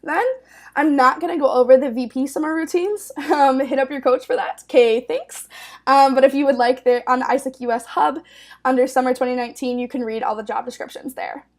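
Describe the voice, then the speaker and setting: A woman's voice: high voice, steady tone, a little fast. A young woman in her twenties giving a training webinar as a network manager, upbeat and casual with frequent fillers and laughs.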